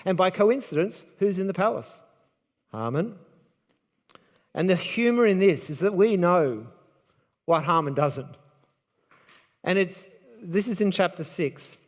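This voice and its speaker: A man preaches to a gathered congregation, retelling a Bible story with lively drama. His voice sits a little high for a man. The long reverb of a large hall trails behind every phrase. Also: a little slow, long pauses. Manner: dramatic storytelling, acting out the quoted lines.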